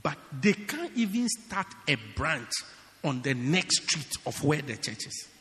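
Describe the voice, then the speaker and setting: A man preaching a sermon as pastor, emphatic and repetitive, swinging from shouts to hushed words. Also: a little high, sing-song, unhurried, long reverb tail. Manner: emphatic, repeats phrases for stress, swings between shouting and hushed tones. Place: church.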